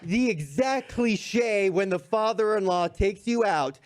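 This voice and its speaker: A man's voice: sits high, slow pace. A man in casual podcast chat, telling a self-deprecating story with laughs and hesitations.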